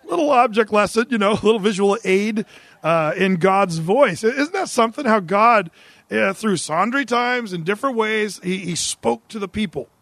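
A man's voice: high-pitched, moderate pace, dry recording. A middle-aged male pastor preaching a humorous, conversational sermon, telling Bible stories with lots of asides. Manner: humorous, conversational, animated storytelling.

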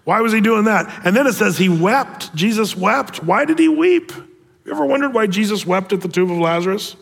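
A man preaches in a fairly high voice, telling the story with playful, animated asides. His words carry a long reverb, as in a large church hall. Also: brisk, creaky, husky. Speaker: pastor. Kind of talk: sermon.

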